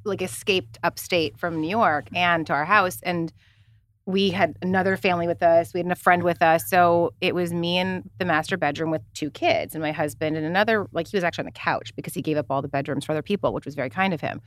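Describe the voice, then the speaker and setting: A middle-aged woman co-hosting a casual chat, a loud and animated storyteller whose voice carries. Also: lowish voice, fast talker.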